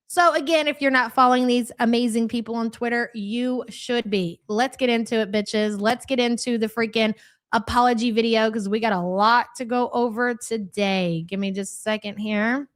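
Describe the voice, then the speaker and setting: A woman's voice: fairly high pitch, steady tone, moderate pace. A woman hosting a live reaction stream, speaking in a crude, mocking and chatty way as she reads out viewer comments. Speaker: livestream commentary host.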